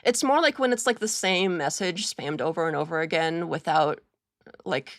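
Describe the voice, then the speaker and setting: Streamer host, woman from Russia, low gravelly voice, rambling casual chat. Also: moderate pace, no room sound, studio quality. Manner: rambling, hesitant, full of restarts and "like".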